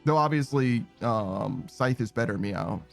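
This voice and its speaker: A young man chats loosely over a game stream, his voice at an ordinary middle pitch. He drifts from thought to thought, swears offhandedly and slips a little "meow" onto the end of almost every sentence. Soft music plays faintly behind him. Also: lively intonation. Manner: tacks a quick "meow" onto nearly every phrase; rambling, laid-back, swears casually. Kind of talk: casual gaming stream chat.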